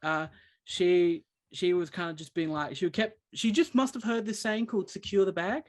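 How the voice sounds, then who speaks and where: A man's voice: high voice, steady tone, normal speed. A man telling a long story as a podcast co-host, rambling with many restarts. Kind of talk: casual chat.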